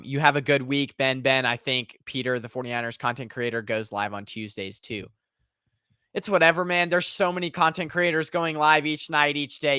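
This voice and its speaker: A man's voice: mid-range voice, sharp tone, clean tone, dry recording, studio quality. A young man hosting a sports livestream, rambling casually and reading viewer chat aloud. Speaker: sports podcast host.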